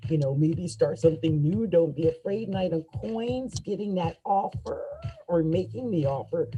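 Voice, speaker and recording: A woman giving a casual tarot reading, chatty and upbeat, talking straight to the listener with quick bursts of laughter. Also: mid-range voice, dark tone, a little hiss or hum, poor audio. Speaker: tarot reader.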